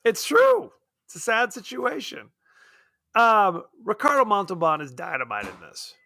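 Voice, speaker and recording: High bright-voiced joking man. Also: big pitch swings, a little slow, creaky, no echo, clean studio sound. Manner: sarcastic, joking, laughs often. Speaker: podcast co-host. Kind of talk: casual film review chat.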